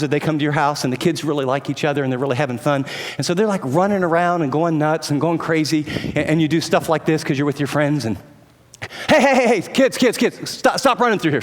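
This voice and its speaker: High-voiced animated male preacher. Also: big-room sound. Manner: conversational, animated, acts out scenes. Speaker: pastor. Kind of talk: sermon.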